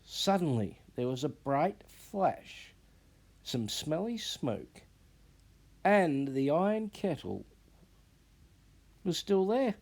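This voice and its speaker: A man reading a children's storybook aloud in a measured, expressive way. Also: on the high side, gravelly.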